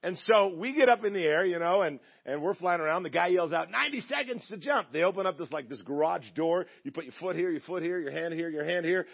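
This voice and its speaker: A man's voice: on the high side, fast talker, creaky, hardly any pauses, breathy edge, muffled recording. A man preaching a sermon as pastor, telling a story in a chatty, joking way with acted-out voices. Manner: chatty, jokey, acts out quoted voices.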